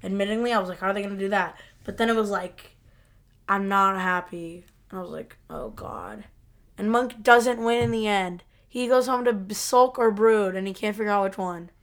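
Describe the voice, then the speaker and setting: A woman's voice: medium pitch, fairly even intonation, fairly quick. A young woman co-hosting a casual chat, laughing often and rambling loosely.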